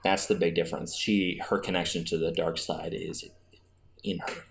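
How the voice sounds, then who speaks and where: A man's voice: low voice, level tone, moderate pace, vocal fry, slight background noise. A man hosting a podcast, making his case in a chatty, argumentative way with many restarts. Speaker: podcast host. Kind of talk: casual fan discussion.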